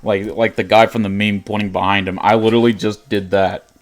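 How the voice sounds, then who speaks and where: A man's voice: fairly low pitch, level tone, fairly quick. A man streaming a game live, joking and laughing with his chat as he plays. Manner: jokey, laughs often, talks to chat. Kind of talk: live gameplay commentary chatting with viewers.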